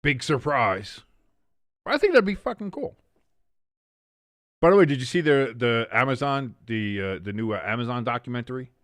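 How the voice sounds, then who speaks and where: Lively, rambling male watch-along host. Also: mid-range voice, normal speed, long pauses, no room sound, studio quality. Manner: rambling, self-mocking, swears freely. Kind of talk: casual live game commentary with banter.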